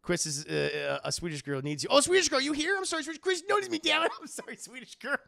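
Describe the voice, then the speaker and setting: Young male streamer, high lively voice, gravelly edges, bright and dry, rambling and profane. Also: fast talker, few pauses, crowd noise. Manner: rambling, profane, excitable, answers chat. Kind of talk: casual live-stream chat.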